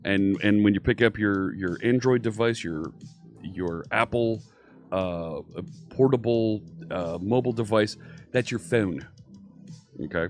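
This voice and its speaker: His voice sits on the low side and he takes his time. This Philadelphia native, with a light Philadelphia accent, streams live from a home studio, teaching programming in a relaxed, upbeat chat and calling out viewers by name over faint synthwave music.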